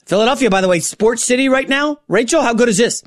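In a radio studio, a middle-aged man filling in as a sports radio host talks excitably and ramblingly, quickly correcting himself. His voice is extremely high-pitched, with no room sound.

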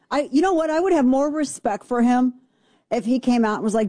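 Woman, talk radio host, sarcastic, brash, opinionated, mellow dark voice, dry studio sound. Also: medium pitch, lively intonation, no room sound. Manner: brash, sarcastic, fast-talking.

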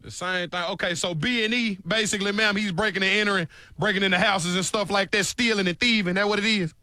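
A man's voice: sits high, steady tone, quick pace, sharp tone, no room sound. A man playing a stern police officer on a prank call, drawling and repeating "ma'am" as he questions a mother. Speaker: radio prank-call co-host. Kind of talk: prank call role-play.

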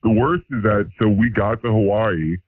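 A man's voice: moderate pace, husky, no echo. A man in his forties calling in anonymously through a voice changer, telling a sheepish, rambling story. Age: 40s. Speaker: anonymous caller. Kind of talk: confessional call-in story. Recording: deep-pitched, muffled phone line.

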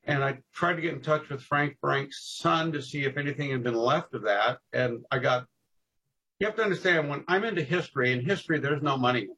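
A man telling animated history anecdotes as a podcast guest, laughing at his own stories and jumping into voices. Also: mid-range voice, fairly quick, husky, poor audio. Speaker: guest storyteller on local history. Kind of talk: casual podcast storytelling.

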